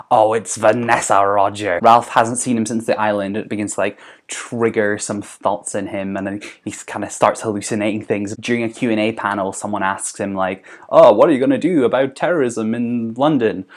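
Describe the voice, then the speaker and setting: A young man riffs through a comic monologue from his bedroom, rambling and playful with constant "like"s. His voice sits on the lower side. He talks as a vlogger to his camera. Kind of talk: comedic monologue.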